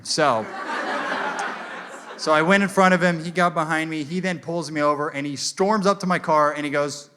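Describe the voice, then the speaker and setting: Bright-voiced male stand-up comedian. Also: a little high, clear, resonant tone. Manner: animated, acts out characters in quick voices. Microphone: handheld stage mic.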